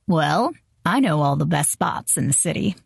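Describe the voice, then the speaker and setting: A woman's voice: low voice, lively intonation, moderate pace, creaky, breathy edge, no echo, studio quality, heavily acted. Woman voicing a smarmy pushy young man. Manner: smarmy, over-familiar.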